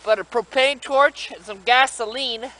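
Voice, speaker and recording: A man's voice: very high-pitched, steady tone, unhurried, bright, forceful tone, low-quality recording. A man from Canada narrating a casual outdoor vlog in a snowy forest, talking through each task and marveling at the scenery. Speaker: vlogger.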